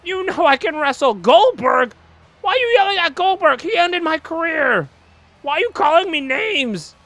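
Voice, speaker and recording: A man's voice: very high voice, sing-song, moderate pace, bright, forceful tone, no echo, voice pushed up, exaggerated voice. A man voicing a baffled, indignant male wrestler in comic game commentary, whining and pleading. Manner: whiny, complaining, pleading.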